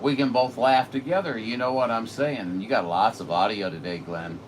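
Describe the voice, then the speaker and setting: A man's voice: on the low side, normal speed. A man chatting casually as a radio operator, rambling and folksy with lots of fillers. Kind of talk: casual chat. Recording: distant mic with noisy room.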